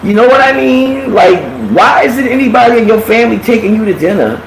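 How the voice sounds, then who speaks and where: Hosting a casual live chat, a man with an extremely high, gravelly voice talks fairly quickly, telling profane gossip stories bluntly and with lots of animation and swearing. The recording has room echo and a faint hiss behind it.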